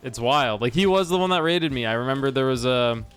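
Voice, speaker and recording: Male streamer, mid pitch, chatty and meandering, light music under the voice. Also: lively intonation, quick pace, a bit bright, smooth. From Washington state. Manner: rambling storyteller with frequent restarts and fillers. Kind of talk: casual stream chat while gaming.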